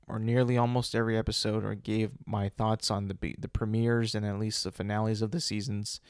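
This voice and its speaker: A man's voice: medium pitch, dry recording, clean studio sound. A man hosting a solo podcast, ranting bluntly with lots of swearing and repeated words. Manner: blunt, profane, repetitive ranting. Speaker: podcast host.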